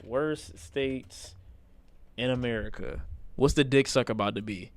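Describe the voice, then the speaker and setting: A man's voice: medium pitch, a little slow. A man streaming live, reacting to videos with blunt, profane, rambling commentary in a casual way.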